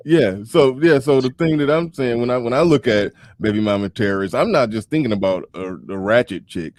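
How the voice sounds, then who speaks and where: A man as a podcast guest in casual chat, animated, laughing often and repeating words as he restarts. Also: mid-range voice, brisk.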